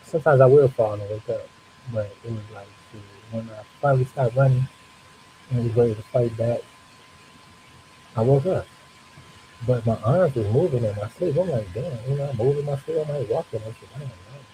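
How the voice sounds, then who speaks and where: A man's voice: medium pitch, moderate pace, long pauses, low-quality recording. Profane man telling a spooky story, faint hiss. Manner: loose, profane, animated retelling with acted-out reactions. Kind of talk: casual storytelling livestream.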